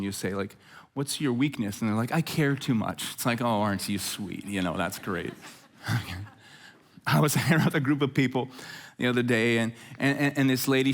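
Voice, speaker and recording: A middle-aged man preaching a conversational sermon as pastor, telling stories with jokes and lively asides. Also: medium pitch, a little fast. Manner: jokey, animated storytelling with asides.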